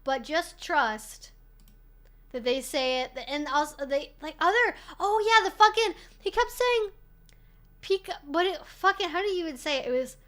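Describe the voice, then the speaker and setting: Woman, livestream host, rambling casual chat, high voice, says "like" constantly. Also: expressive, normal speed, bright, forceful tone. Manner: rambling, swears freely, heavy use of "like". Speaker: streamer host.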